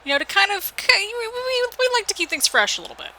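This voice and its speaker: Bright, chatty American woman gamer. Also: very high voice, fairly quick, slight background noise, low-quality recording. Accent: mixed American, northern, midwestern and southern. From United States. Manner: chatty, rambling play-by-play with excited bursts. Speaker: gaming channel host. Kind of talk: casual video game commentary.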